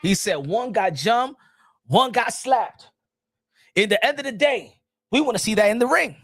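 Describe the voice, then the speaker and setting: A man hosting a boxing livestream, excitable and repetitive, dropping in Spanish phrases. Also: high voice, moderate pace, slightly rough, no room sound. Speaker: boxing show host.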